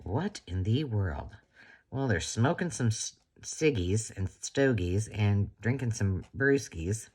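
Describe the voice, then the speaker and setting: Husky, lively-voiced woman crafter chatting. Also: extremely low pitch, takes it slowly. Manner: chatty, gushing, exclamatory. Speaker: crafting channel host. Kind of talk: casual unboxing chat.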